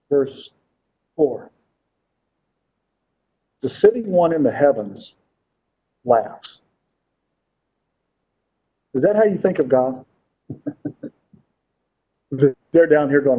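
A man's voice: on the high side, takes it slowly, long pauses, warm tone, husky, poor audio. A man preaching a Bible-teaching sermon. He reads scripture aloud, explains it, and asks his listeners frequent rhetorical questions. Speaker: pastor.

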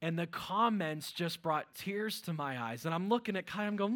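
A man with a Pittsburgh accent preaching a sermon as pastor, energetic, with loud exclamations to the congregation. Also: high-pitched, moderate pace, hardly any pauses. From Western Pennsylvania.

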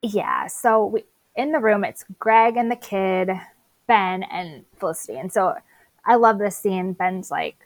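A woman co-hosts a casual chat podcast, walking through a TV episode in a chatty way and slipping into the characters' lines as she goes. Her voice sits at a middle pitch. The recording is dry and close, with no room sound. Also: a little slow, no echo, rough recording. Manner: chatty, recaps plot with quoted dialogue. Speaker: podcast co-host recapping a TV episode.

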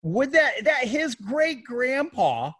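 A man's voice: extremely high pitch, sing-song, takes it slowly, a bit bright, breathy edge, dry recording. A man in a casual discussion who talks emphatically, repeats his words and piles up rhetorical questions.

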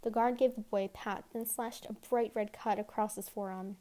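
A woman reading a novel aloud as an amateur audiobook, quick, giving the characters softly shifted voices. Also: mid-range voice, steady tone. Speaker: audiobook reader.

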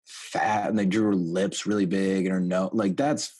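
A man's voice: low-pitched, steady tone, normal speed, a little mellow. A young man co-hosting a podcast, talking bluntly and swearing in casual chat. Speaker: podcast co-host.

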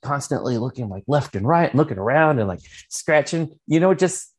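A man tells a long story on a podcast. He rambles, fills the gaps with "like" and "um", and swears freely. His voice sits at a middle pitch. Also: expressive, normal speed, slightly rough. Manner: rambling storytelling, heavy filler words and swearing. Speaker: podcast co-host. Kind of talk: casual chat.

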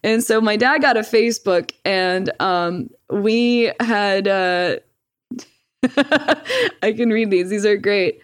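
In casual chat, a woman with a medium-pitched voice tells a story slowly. She swears freely, laughs often and acts out the lines she quotes.

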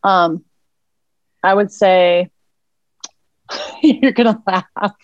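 A woman's voice: mid-range voice, drawn-out words, no room sound, dull audio. A woman guest on an interview show, a mindset coach, chatting in a bubbly way and laughing often. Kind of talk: casual interview chat.

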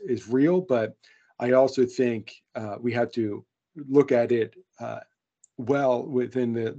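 A man's voice: medium pitch, dark tone. Earnest man on a lo-fi podcast. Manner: earnest, friendly, lots of fillers and restarts. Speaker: podcast co-host. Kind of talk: casual conversational podcast. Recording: dull lo-fi sound.

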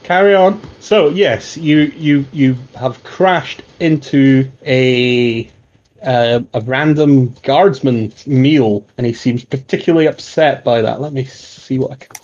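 Male game master, mid pitch, halting and filler-heavy narration, muffled lo-fi audio. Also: a little mellow. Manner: halting, lots of fillers and restarts, chuckling. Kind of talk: narrating a tabletop role-playing game.

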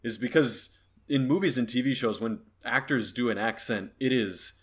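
A man's voice: medium pitch, normal speed, a bit bright, slightly rough. A young man co-hosting a podcast in casual chat, arguing his point and explaining at length. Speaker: podcast co-host.

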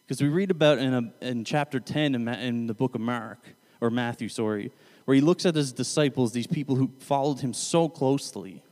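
A man's voice: mid-range voice, brisk, few pauses, a little mellow, in a large hall. A man giving a casual Bible teaching, talking in a loose, conversational way and often correcting himself mid-sentence. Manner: conversational, self-correcting, paraphrasing scripture loosely.

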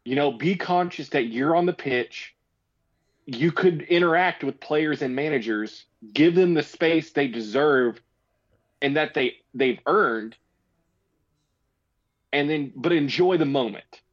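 A man's voice: on the high side, slow, highs cut off. Filler-heavy man in casual chat. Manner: rambling, filler-heavy, opinionated.

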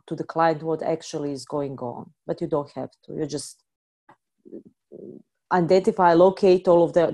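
A woman energy healing practitioner speaking in halting, non-native English, restarting and repeating words as she explains and practises healing statements. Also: on the low side, dark tone.

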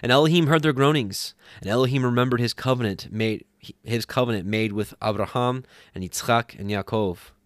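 A man reading scripture aloud at a steady pace, sometimes correcting himself. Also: mid-range voice, a little fast, hardly any pauses, no echo, clean studio sound. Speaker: scripture reader.

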